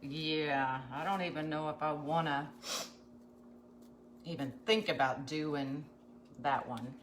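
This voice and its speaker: A woman's voice: low voice, fairly even intonation, takes it slowly, a little hiss or hum. A woman hosting a live craft tutorial, chatting folksily with viewers as she works. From USA. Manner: chatty, folksy, talks to viewers while working. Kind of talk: live craft demonstration chat.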